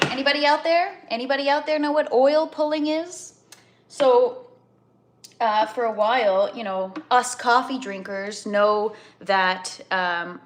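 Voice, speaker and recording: A woman's voice: on the high side, fairly bright tone. A woman from Canada hosting a live cooking stream, rambling in casual chat and greeting viewers by name.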